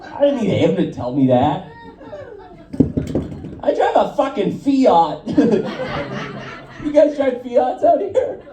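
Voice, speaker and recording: Male stand-up comic, self-deprecating and profane, unhurried delivery, live room with a laughing crowd. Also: very high voice, sing-song, recorded from a distance. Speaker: stand-up comedian. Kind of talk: stand-up comedy set. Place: live comedy venue. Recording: roomy live sound, voice off-mic, crowd laughing. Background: audience laughter.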